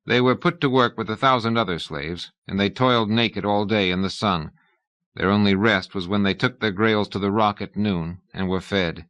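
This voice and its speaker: A man narrating an audiobook in a measured, even reading style. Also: lowish voice, no echo. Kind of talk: scripted narration.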